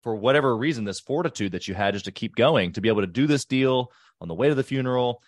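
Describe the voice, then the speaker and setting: A man's voice: medium pitch, expressive, fast, no room sound, clean studio sound. A man hosting a podcast interview, giving encouraging short replies and reflecting on the guest's story. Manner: encouraging, frequent short affirmations. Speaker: podcast host. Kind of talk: casual interview chat.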